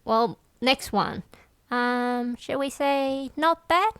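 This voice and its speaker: A woman co-hosting a casual language lesson, explaining slowly with lots of fillers. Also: high-pitched, a bit bright, clean tone, dry recording. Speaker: podcast co-host teaching Cantonese.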